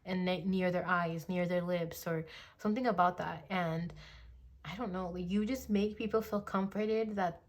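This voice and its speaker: A woman's voice: lowish voice, steady tone, normal speed. A woman in her twenties giving a casual tarot reading into a phone, rambling and full of fillers like "like" and "you know", now and then slipping into gushing quoted voices. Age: 20s. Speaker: tarot reader.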